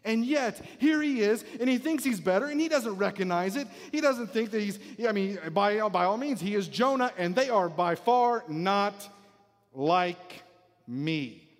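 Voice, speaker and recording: A man with a high voice preaching a sermon, emphatic and fond of repeating himself, often sinking to a hush to drive a point home. His voice carries through a long, echoing hall. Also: expressive, unhurried.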